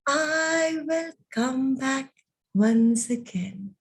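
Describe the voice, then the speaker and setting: A woman puts on a friendly little storybook cloud who talks in a soothing, reassuring way. The voice sits lower than a narrator's and moves unhurriedly. He sounds kind and patient. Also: lively intonation, drawn-out words, vocal fry, heavily acted. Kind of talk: children's storytelling.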